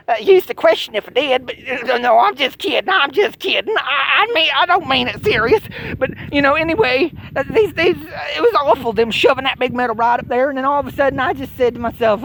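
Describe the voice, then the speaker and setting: A man's voice: extremely high pitch, lively intonation, fast, hardly any pauses, a bit bright, slight background noise. A man, telling a rambling comic monologue with stammers and mock distress. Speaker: comic storyteller.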